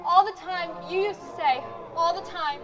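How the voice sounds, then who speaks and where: A woman's voice: very high-pitched, moderate pace. A woman playing a frightened, pleading young bride. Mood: desperate. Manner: pleading, desperate. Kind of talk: stage play acting. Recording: stage recording with music and audience.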